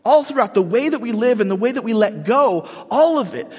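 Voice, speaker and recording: A man's voice: extremely high pitch, fairly quick, slightly rough. Casual preaching man in a hall. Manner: casual, joking, animated storytelling. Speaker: pastor. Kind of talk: conversational sermon. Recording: long hall reverb.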